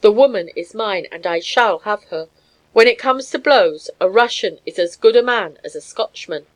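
A woman's voice: mid-range voice, lively intonation, moderate pace, close to an everyday voice, poor audio. A woman voicing a tall, passionate Russian man who pleads and threatens with fervor in a storybook reading. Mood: threatening. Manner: pleading, fervent.

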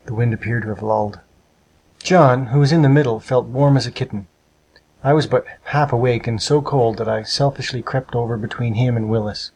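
A man narrating a storybook with a steady, measured reading. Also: mid-range voice, breathy edge, poor audio.

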